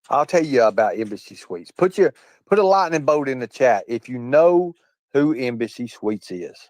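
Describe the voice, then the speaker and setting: Brief: confrontational male live-streamer, swears constantly, repeats himself, mid-pitched, dry close sound. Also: dry recording. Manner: combative, swearing, repetitive, addresses chat directly. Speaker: livestream host. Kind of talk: profane live-stream rant.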